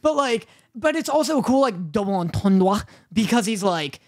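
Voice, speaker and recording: A man's voice: high-pitched, sing-song, normal speed. A man co-hosting a podcast in casual chat, easygoing and patiently explaining plot points. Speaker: podcast co-host.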